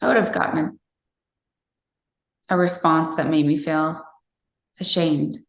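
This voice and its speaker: A woman's voice: sits low, fairly even intonation, a little slow. A woman in her thirties, interviewed, earnestly and reflectively telling a personal story from her own family life. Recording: roomy echo.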